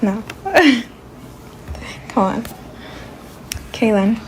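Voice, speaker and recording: A woman's voice: a little high, animated, very slow, slight background noise. Giggly mother in playful banter. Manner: giggly, teasing, protesting. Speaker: mother and channel host. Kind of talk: playful family chat.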